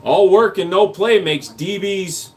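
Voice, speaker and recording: A man's voice: high-pitched, measured pace, darkish tone. A man hosting a livestream, reading chat comments aloud and answering with crude jokes and casual gun talk. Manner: crude joking banter, reads comments aloud.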